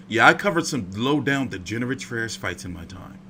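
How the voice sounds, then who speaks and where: This boxing commentator talks fairly fast in a mid-range voice, with slight noise behind him. Streaming casually from home, he wanders from topic to topic, swearing liberally and staying lively throughout.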